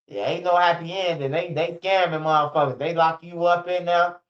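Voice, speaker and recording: His voice is on the high side, steady in tone and fairly quick. The young man is casually ranting on stream to his viewers, full of repetition and profane street slang, all in dull lo-fi audio.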